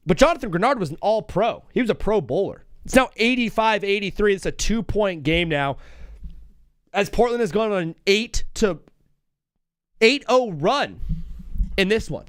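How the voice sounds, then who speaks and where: A man's voice: a little high, dry recording, studio quality. A young man in his twenties hosting a live sports stream, chatting casually and rambling between game updates, stories and viewer replies.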